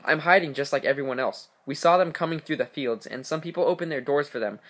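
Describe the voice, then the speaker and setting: A man reading the part of a frightened mother who calls the police while hiding in the dark. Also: fairly high pitch, fast. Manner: pleading, breathless phone caller.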